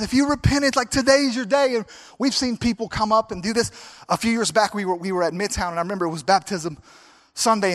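A man's voice: high-pitched, fairly bright tone. A man preaching a sermon as pastor at a church service, driving his points home with emphatic, repeated exhortations.

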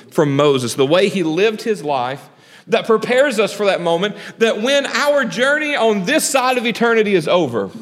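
A man pastor delivers a sermon in a high, bright-pitched voice. He speaks conversationally, tossing questions to the congregation and acting out the people of his story. The sound carries a long echo from a large hall. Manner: animated preaching, drops low and quiet for God's lines.

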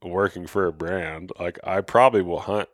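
A deep-voiced man co-hosts a podcast in a laid-back, loose way, leaning heavily on "like" and other fillers. He speaks at normal speed, and the recording is dry with clean studio sound.

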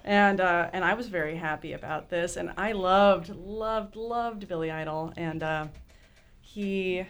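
Chatty woman telling a lively story. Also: lowish voice, measured pace, slight background noise. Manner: animated, laughing, acts out her teen self in squeals. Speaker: guest storyteller. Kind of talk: casual chat, telling a story.

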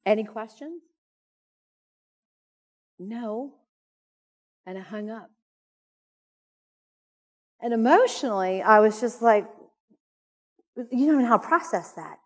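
A woman's voice: a little high, animated, measured pace, long pauses. A middle-aged woman speaking at a conference, telling a personal story in an earnest, emotional way. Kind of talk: personal testimony talk. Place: conference hall. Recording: echoey hall reverb.

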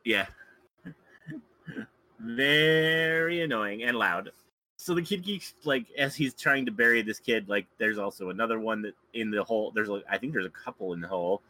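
Low-voiced man chuckling through a retelling. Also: normal speed, sharp tone, no echo, low-quality recording. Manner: chuckles often while recounting scenes. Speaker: podcast guest. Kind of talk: casual chat, retelling a film plot.

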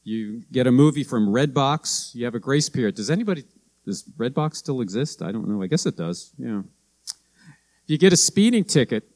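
This middle-aged man's sermon feels like casual storytelling, full of anecdotes and quotes he performs in the speakers' voices. He talks at a moderate pace in a medium-pitched, somewhat dark voice with lively intonation.

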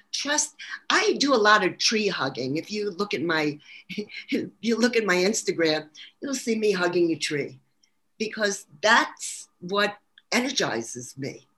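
A woman's voice: mid-range voice, big pitch swings, measured pace, a bit bright. A woman from Brooklyn with a New York accent, talking earnestly about spirituality and health in a casual interview, with frequent restarts. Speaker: holistic practitioner guest.

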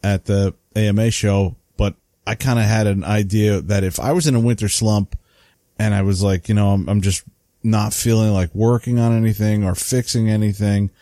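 A man's voice: lowish voice, fairly even intonation, normal speed, dark tone, dry recording, clean studio sound. A man co-hosting a casual hobby podcast, laid-back and chatty, often tossing in "man". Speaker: podcast co-host. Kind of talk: casual chat.

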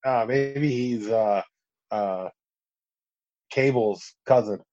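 A man's voice: medium pitch, very slow, warm tone, muffled recording. A man co-hosting a podcast from his bedroom, laid-back, with short dry replies in casual chat. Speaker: podcast co-host. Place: bedroom at home.

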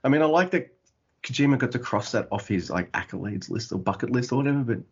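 A man's voice: mid-range voice, animated, fast talker, breathy edge, highs cut off. A man co-hosting a podcast in rambling casual chat. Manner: rambling, with restarts and swearing. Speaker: podcast co-host.

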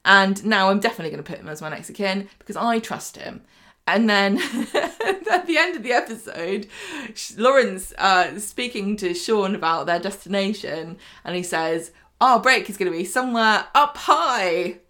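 A woman's voice: medium pitch, expressive, moderate pace, a bit bright. A woman co-hosting a casual chat show, recapping episodes in a chatty way and often laughing. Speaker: podcast co-host recapping a soap.

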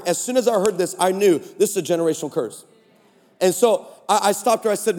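A man preaching a sermon in an animated storytelling style, with comic asides that build to shouted calls. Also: high voice, moderate pace. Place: large conference hall stage. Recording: echoey conference hall.

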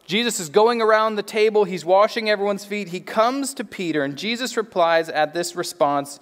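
Male pastor, high voice, earnest and halting sermon delivery, reverberant sanctuary. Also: fairly bright tone. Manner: earnest, conversational, often repeats words as he restarts. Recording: long hall reverb.

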